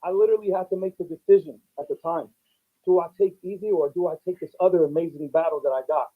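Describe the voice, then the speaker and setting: A battle rapper man vents in an interview, aggrieved and insistent, tripping over restarts. His voice sits high and husky, and the clip sounds thin and phone-like. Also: fast. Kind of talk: heated interview talk.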